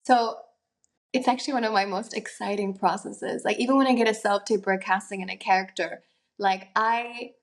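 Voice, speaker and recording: A woman of medium pitch speaks as a guest in an interview. She talks with eager enthusiasm about her craft and peppers her sentences with casual fillers. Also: steady tone, normal speed. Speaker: actress and singer, guest. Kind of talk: conversational interview.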